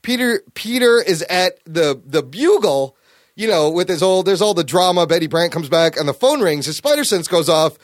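Animated man recapping a story. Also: sits high, moderate pace, no echo, clean studio sound. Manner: animated, swears freely. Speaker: podcast host. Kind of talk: casual chat, story recap.

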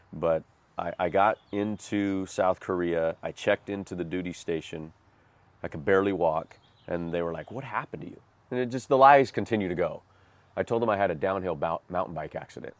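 A deep-voiced man, recorded with no room sound, shares his life story as a guest. He recounts a painful chapter in earnest, self-deprecating testimony, vividly retold with rueful laughs.

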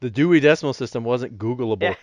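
A man's voice: medium pitch, quick pace, no echo. A man in his thirties co-hosting a podcast in casual chat, cutting in with jokes and teasing. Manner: joking, teasing interjections. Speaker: podcast co-host.

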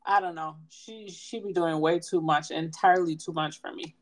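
A young woman, co-hosting a casual podcast chat and telling stories in an animated way. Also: fairly low pitch, moderate pace, rough recording. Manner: animated storyteller, laughs often. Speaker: podcast co-host.

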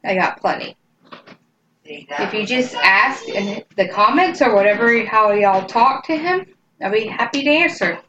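A woman's voice: medium pitch, animated, unhurried, recorded from a distance. A woman chatting with her partner on a casual home podcast, teasing and blunt. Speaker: co-host, partner. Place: home bedroom. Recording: echoey room, dull and noisy.

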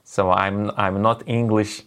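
A man with a Lithuanian accent hosting a livestreamed business meeting, speaking haltingly with many fillers and restarts. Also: fairly low pitch, little pitch movement, a bit bright. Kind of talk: livestream pep talk.

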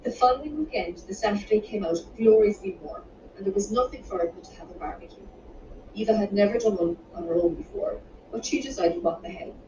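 A woman reading her own romance novel aloud in a measured, unhurried way, with the odd small restart. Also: mid-range voice, expressive, warm tone. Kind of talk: audiobook narration. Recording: roomy, distant, muffled home recording with background noise.

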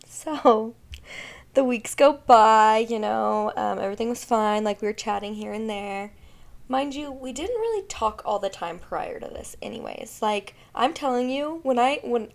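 A woman's voice: fairly high pitch, unhurried, gravelly. A young woman hosting a solo podcast, chatting candidly with frequent swearing and laughs. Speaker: podcast host. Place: at home, fireworks outside.

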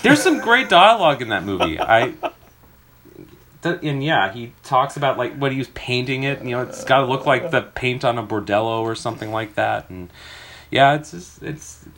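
A man's voice: medium pitch, expressive, normal speed, fairly bright tone, a little hiss or hum. A man co-hosting a casual movie podcast, easygoing and enthusiastic. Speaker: podcast co-host.

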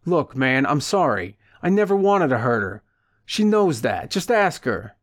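A man's voice: mid-range voice, animated, moderate pace, no echo, studio quality, close to an everyday voice. A man voicing a brawny, just-released male convict who turns panicky and pleading. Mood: panicked pleading.

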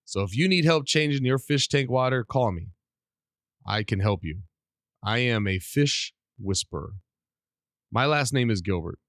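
A middle-aged man hosting a casual solo podcast, rambling and animated while under the weather with a cough. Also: medium pitch, normal speed, long pauses, no echo, clean studio sound. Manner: rambling, animated, self-deprecating. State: sick with a cough. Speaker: podcast host.

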